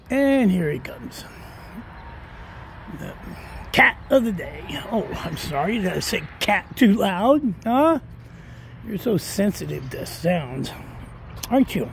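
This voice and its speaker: A slow, unhurried owner coaxes a cat along in a sing-song voice with a gravelly edge. The talk is recorded on a phone outdoors in the cold. Faint outdoor noise sits behind the voice. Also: mid-range voice, very animated. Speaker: cat owner filming a walk. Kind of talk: casual talk to a pet.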